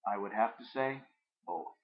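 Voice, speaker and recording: A man narrating a first-person story in a measured, reflective way. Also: on the low side, dull audio.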